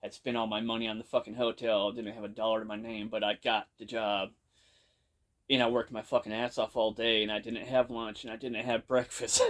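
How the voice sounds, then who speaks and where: A man with a mid-range, fairly bright voice tells a podcast story about his own past in a casual first-person way. He rambles, swears constantly, and leans heavily on "you know."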